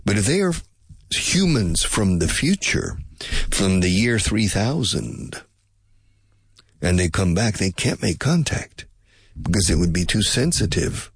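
A man's voice: sits low, big pitch swings, unhurried, long pauses, slightly rough, no room sound, studio quality. A man teaching English in a casual spoken lesson, musing and speculating aloud and drilling pronunciation by repetition.

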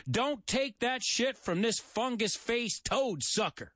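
A man putting on a Southern US twang to act out a rough-talking movie scene. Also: very high-pitched, animated, slow, sharp tone, no room sound, studio quality, voice pushed up, heavily acted. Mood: taunting. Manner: drawling, gruff trash talk.

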